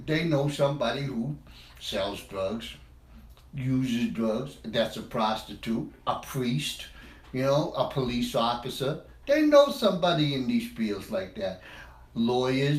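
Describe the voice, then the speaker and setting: An American man speaking about language gives a loose, rambling informal monologue, repeating words and laughing at himself along the way. His voice is medium-pitched and the sound is roomy.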